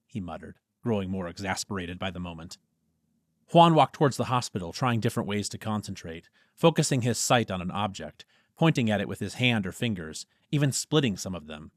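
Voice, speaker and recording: A man reading a story aloud as audiobook narrator, dropping low on speech tags. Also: brisk, no echo, studio quality.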